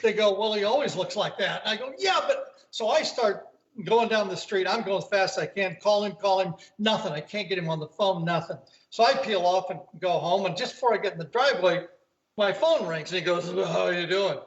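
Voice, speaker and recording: An older man tells rambling stories from home over a video call, his voice sitting high. The audio is roomy and dull, with an echo of the room around him. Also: a little fast. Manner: rambling anecdotes, acts out quoted voices. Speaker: guest, golf commentator. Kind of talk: casual storytelling interview.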